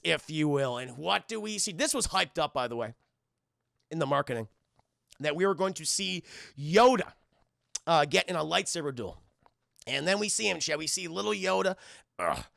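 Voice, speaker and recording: A man reviewing a film live for his viewers, animated and profane, acting out scenes as he goes. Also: a little high, moderate pace, gravelly, dry recording, clean studio sound.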